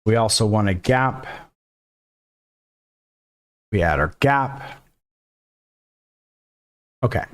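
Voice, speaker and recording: A man teaching a casual screen-recorded coding lesson, thinking aloud and dropping jokey, self-deprecating asides as he works. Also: lowish voice. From Mexico. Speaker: coding instructor.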